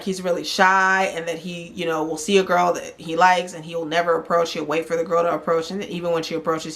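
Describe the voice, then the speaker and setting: A woman giving a chatty, opinionated recap of a reality show, often slipping into quoted voices of the cast. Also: lowish voice. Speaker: recap vlogger. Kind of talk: casual chat.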